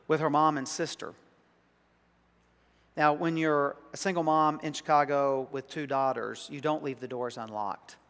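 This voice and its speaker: A man from South Arkansas with a Southern accent, preaching a sermon in a folksy, emphatic way that grows louder on key points. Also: a little high, in a large hall. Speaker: pastor. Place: church sanctuary.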